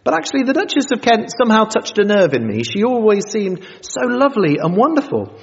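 A lively preacher in his fifties whose pitch swings widely as he tells self-mocking stories. His voice sits a little higher than most men's. The recording is dull and muffled, with long echo from a big hall. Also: fairly quick, gravelly. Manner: animated, self-mocking storytelling. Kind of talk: sermon. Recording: dull sound in a reverberant hall.

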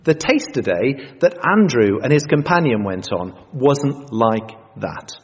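A man, preaching a sermon, telling stories in an animated and self-mocking way. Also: medium pitch, measured pace. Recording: dull sound in a reverberant hall.

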